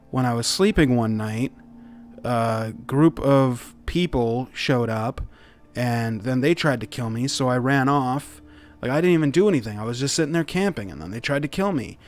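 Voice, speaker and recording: A man's voice: mid-range voice, a little slow, faint music behind, natural voice. A man doing a nervous, rambling fugitive. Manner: rambling, defensive, evasive. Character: nervous young man on the run.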